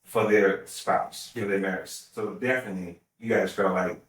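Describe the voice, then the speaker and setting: Guy hosting a podcast, lowish voice, mic sounds far off in a roomy space. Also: fairly even intonation, normal speed, a bit bright. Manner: affirming, asks reflective questions. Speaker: podcast host. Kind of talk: casual interview.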